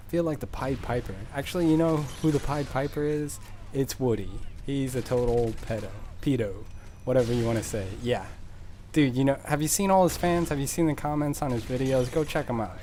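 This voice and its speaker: A man rambling through casual game commentary in a sarcastic, deadpan joking manner, recorded on a desk mic as a voice-over. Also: medium pitch, fairly quick, a little hiss or hum. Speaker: gameplay commentator.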